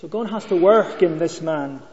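Speaking at a normal speed in a fairly high, slightly mellow voice, a Scottish man preaches to his congregation through stories and conversational rhetorical questions. The recording has a dull, lo-fi character with long reverb.

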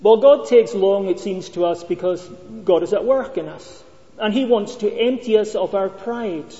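A man's voice: high-pitched, normal speed, warm tone. A man preaching a sermon, telling stories and asking the congregation questions. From Scotland. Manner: storytelling, conversational with rhetorical questions. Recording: dull lo-fi sound with long reverb.

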